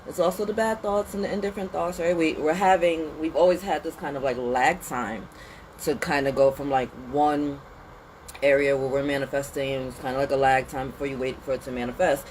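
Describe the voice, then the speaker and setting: A woman hosting a casual spiritual pep talk outdoors in the cold, animated and slangy, sniffly with a runny nose. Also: deep voice, brisk, a little hiss or hum, low-quality recording. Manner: animated, slangy and conversational, with lots of "like" and "you know". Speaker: spiritual reader and channel host.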